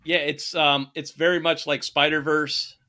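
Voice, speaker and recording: A man with a bright, forceful voice rants his way through a relaxed podcast conversation. He swears freely and gets animated as he goes off on a tangent. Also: fairly high pitch, normal speed. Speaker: podcast co-host. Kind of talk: casual chat.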